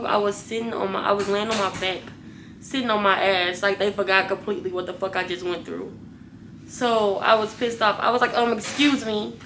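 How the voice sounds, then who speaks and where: A woman's voice: mid-range voice, background noise. Blunt, profane young woman telling a story. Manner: profane, blunt, animated retelling. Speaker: vlogger. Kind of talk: casual storytelling to viewers.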